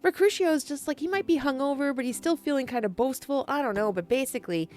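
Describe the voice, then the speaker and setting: A woman casually retelling a classic play in a chatty, animated way, laughing and swearing often. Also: high-pitched, fast, soft background music. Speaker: storyteller.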